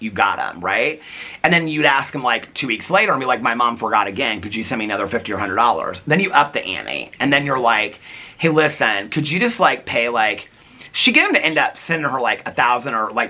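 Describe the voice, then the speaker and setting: Male vlogger, lively swooping delivery, chatty storyteller. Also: medium pitch, husky. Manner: chatty storyteller, acts out quotes, laughs often. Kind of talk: casual chat.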